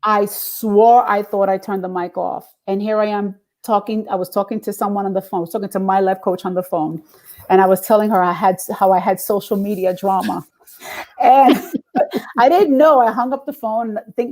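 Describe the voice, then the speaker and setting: Animated middle-aged woman telling stories. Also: medium pitch, moderate pace. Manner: animated, acts out quoted voices with laughs. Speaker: guest, singer and radio DJ. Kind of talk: casual interview storytelling.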